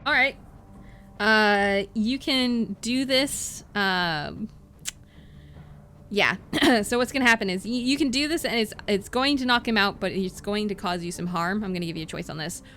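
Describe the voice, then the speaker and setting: Woman GM narrating a tabletop game, bright and casual, easygoing delivery. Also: medium pitch, moderate pace, slight background noise. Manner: casual, loose narration with many "like" fillers. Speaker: game master.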